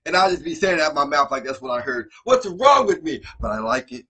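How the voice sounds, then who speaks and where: A man hosting a music reaction video, talking casually and excitedly, often breaking into exclamations while a song plays. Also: on the high side, brisk, breathy edge. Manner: excitable, exclaims and interjects over the track. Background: song playing faintly.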